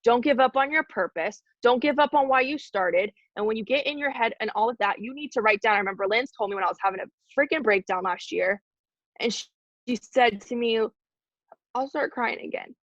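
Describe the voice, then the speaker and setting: A team leader gives her team a candid, emotional motivational talk over a video call, speaking casually and saying "like" a lot. Her voice is a little high and a little fast, and the audio is dull with no room sound.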